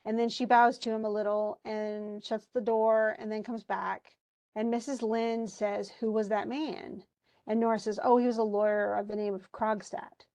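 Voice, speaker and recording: A woman's voice: mid-range voice, little pitch movement, normal speed, darkish tone. A woman teaching a live online class, talking through a play in a chatty way with lots of asides. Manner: chatty, explains with asides and restarts.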